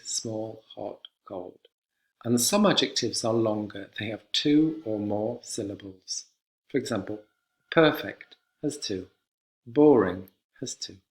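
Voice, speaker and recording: Slow-speaking man teaching English. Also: fairly low pitch. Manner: slow, clear, repeats examples for learners. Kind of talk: classroom lesson.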